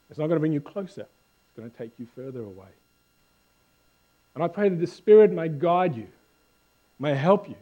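A male pastor delivers a sermon in a fairly high, warm and mellow voice. He swings from near-whispers to loud emphasis and repeats words when he corrects himself. The recording sounds dull and lo-fi. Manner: conversational preaching with sudden swings between hushed and loud.

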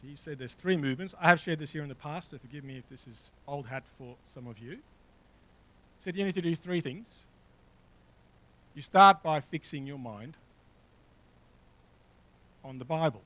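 A man's voice: a little high, fairly bright tone, poor audio. A man preaching a sermon in a conversational way, with frequent fillers and asides. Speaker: pastor. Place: church hall with a slideshow.

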